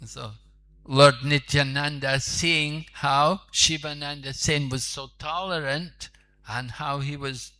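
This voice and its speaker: Male preacher, sermon storytelling; slow, bright, conversational with asides. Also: on the high side, fairly even intonation. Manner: unhurried, conversational, with asides to listeners. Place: temple.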